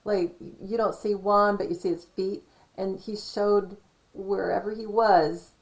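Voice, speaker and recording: Woman vlogger, slow and gravelly, digressive, keeps correcting herself mid-thought. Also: mid-range voice, steady tone, poor audio. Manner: self-correcting, digressive, reads from notes. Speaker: conspiracy vlogger. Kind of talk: casual rambling commentary.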